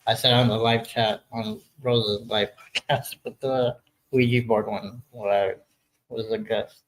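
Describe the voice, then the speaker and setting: A man's voice: fairly low pitch, flat delivery, a little slow, a little hiss or hum, low-quality recording. A sixty-year-old man hosting a casual live chat, rambling and swearing, often laughing at his own jokes. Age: 60s. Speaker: livestream host.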